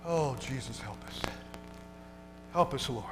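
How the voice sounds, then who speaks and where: A male pastor preaching a sermon to his congregation, moving from hushed, tender passages to loud shouting. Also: medium pitch, expressive, measured pace. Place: church sanctuary. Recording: long hall reverb with music behind.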